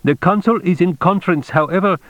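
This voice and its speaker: A man voicing a brisk, formal male consulate functionary with a German accent. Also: high-pitched, no echo, voice pushed up, natural voice.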